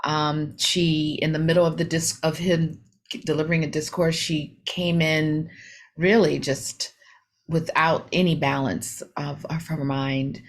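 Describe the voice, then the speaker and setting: Woman meditation teacher, deep voice, telling a story slowly, lots of "you know"s and restarts. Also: level tone. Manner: reflective, unhurried, poses rhetorical questions; frequent fillers and self-corrections. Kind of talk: dharma talk retelling a story.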